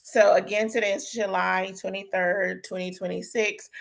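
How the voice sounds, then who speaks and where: Gravelly-voiced woman hosting a chat. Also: mid-range voice, level tone, normal speed. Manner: chatty, prayerful, talks to viewers as y'all. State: voice sounds tired. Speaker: host. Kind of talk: casual live-stream chat.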